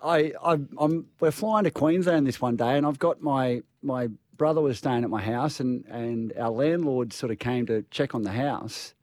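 A man's voice: mid-range voice, normal speed, few pauses, darkish tone, no room sound. Australian man telling a rambling story. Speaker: guest storyteller. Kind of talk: casual chat.

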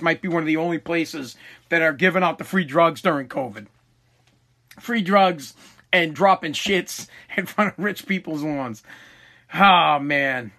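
A man's voice: on the high side, sharp tone. A man hosting a casual podcast, rambling, swearing and laughing often. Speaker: podcast host. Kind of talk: casual storytelling chat.

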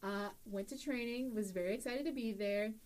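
A young woman speaks casually as an interview guest and recalls her early training days. She talks in a lively way and slips into the voices of the people in her story. Her voice sits in a middle range for a woman. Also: medium pitch, moderate pace. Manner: animated, acts out quotes in story.

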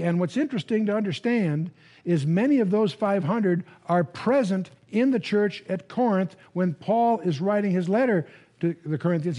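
Conversational male Bible teacher, mellow tone. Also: sits high. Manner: conversational, repeats words when restarting, asks the audience questions. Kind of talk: Bible lecture to a live audience.

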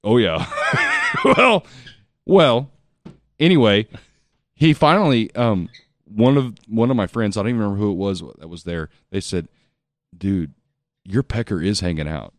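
Casual podcast storyteller, male, very low pitch with lively swings, dry close sound, laughs through a profane anecdote. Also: unhurried, no echo.

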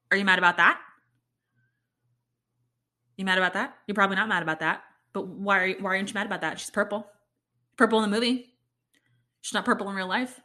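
Emphatic woman with a bright, lively voice. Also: on the high side. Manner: exasperated, emphatic, laughing in disbelief. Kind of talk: casual opinion talk.

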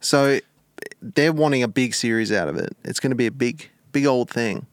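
Low-key young man. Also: moderate pace, no echo, clean studio sound. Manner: low-key, understated, mild. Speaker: podcast co-host. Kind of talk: casual comedy podcast chat.

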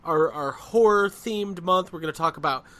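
A man's voice: fairly high pitch, moderate pace, pushed and bright. A man hosting a pop culture podcast, chatting loosely and joking with frequent filler words. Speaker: podcast host. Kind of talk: casual chat.

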